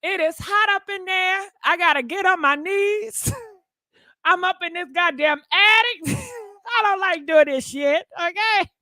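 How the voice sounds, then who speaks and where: Very high-pitched, bright and forceful, a woman takes her time as she hosts a gossip livestream in clean, echo-free studio sound. She's sassy and speaks right to her audience, calling them honey.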